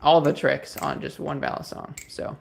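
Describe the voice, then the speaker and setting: Male streamer, relaxed and rambling, reads and answers chat; voice has a gravelly edge. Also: a little high, normal speed, a little hiss or hum. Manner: rambling, easygoing, many fillers and restarts. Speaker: livestream host. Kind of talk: casual livestream chat, reading viewer comments.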